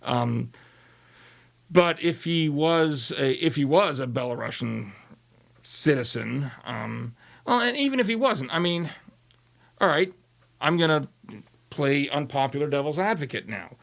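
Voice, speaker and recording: Gravelly male host, halting and conversational. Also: fairly high pitch, expressive, a bit bright. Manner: hesitant, restarts, thinks aloud. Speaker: talk show host. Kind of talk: casual panel discussion.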